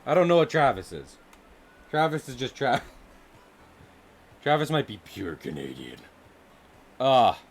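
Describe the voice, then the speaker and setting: A man's voice: medium pitch, big pitch swings, slow, long pauses. A man streaming while he draws, chatting casually with viewers in a playful, joking way and laughing often. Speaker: live streamer and artist. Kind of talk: casual live-stream chat while drawing.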